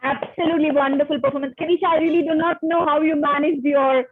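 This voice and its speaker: A woman's voice: sits high, steady tone, fast, a little hiss or hum. A woman hosting an online club session, effusive in her praise and repeating phrases. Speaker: session host. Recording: tinny phone-like video call.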